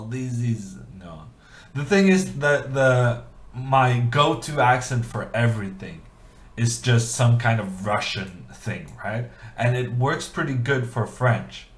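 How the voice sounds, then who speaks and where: A man streaming chess, thinking aloud in a casual, self-deprecating way with many fillers. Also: mid-range voice. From Norway. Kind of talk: casual live-stream commentary. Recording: echoey room.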